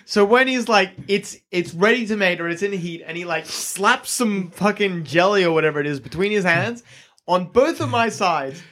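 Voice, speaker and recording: A relaxed speaker talks over a film with friends, thoughtful and curious. Their voice sits in a middle range. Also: medium pitch, normal speed. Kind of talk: casual chat.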